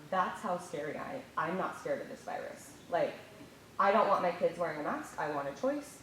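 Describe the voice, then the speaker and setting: A woman with a low voice speaks as a parent at a school board meeting, indignant and accusing. She stands well back from the mic. The sound carries through a very echoey hall with a faint rumble behind it. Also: distant mic. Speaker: parent giving public comment. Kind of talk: impassioned public comment.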